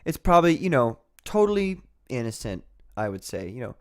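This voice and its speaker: A man hosting a casual livestream. He talks in a rambling, sarcastic way with frequent laughs, at a mid pitch for a man. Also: very animated, brisk. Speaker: livestream host.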